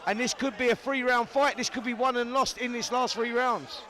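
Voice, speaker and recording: Male Cockney ringside commentator, chatty and repetitive, high pitched. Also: steady tone, normal speed, sharp tone. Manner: chatty, matey, repeats himself. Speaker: boxing commentator. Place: boxing arena.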